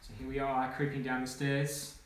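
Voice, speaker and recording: A man, a children's author, reading his own picture book aloud with playful, animated commentary and sound effects. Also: medium pitch, normal speed. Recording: echoey room, faint noise.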